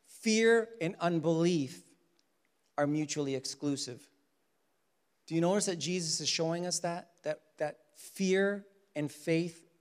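Animated man preaching a sermon. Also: fairly high pitch. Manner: animated, acts out quoted voices. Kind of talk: Bible-teaching sermon.

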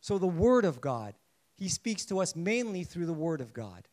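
A man preaching a sermon to a congregation in a lively way, asking them questions and joking along the way. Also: high-pitched, moderate pace. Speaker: pastor.

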